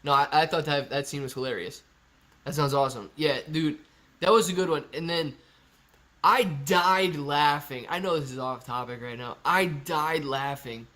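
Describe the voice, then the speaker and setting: Speaking a little fast in a fairly bright mid-range voice, a young man hosts a relaxed live stream. He reads viewers' messages aloud and responds casually and chattily.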